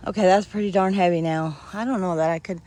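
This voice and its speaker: There's soft music behind this woman's lowish, steady, slightly mellow voice as she talks quickly. She's a vlogger doing outdoor yard work, rambling and laughing often into a close-held camera, now and then out of breath.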